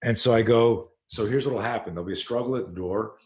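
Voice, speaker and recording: Middle-aged man, slightly low voice, self-defense teacher recounting a tense story on a podcast, swearing and acting it out. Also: fast talker. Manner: profane, animated storyteller who acts out scenes. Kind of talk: storytelling in a conversational interview.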